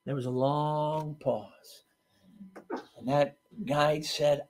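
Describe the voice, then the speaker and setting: Man, preacher, sermon, high-pitched voice, emphatic, sudden loud and quiet swings, chatty storytelling asides. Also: fairly even intonation, extremely slow.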